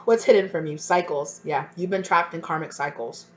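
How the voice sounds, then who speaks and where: A woman's voice: fairly low pitch, moderate pace, darkish tone, slight background noise. A woman giving a pick-a-card tarot reading, talking earnestly and emotionally straight to her viewers with spiritual encouragement. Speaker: tarot reader.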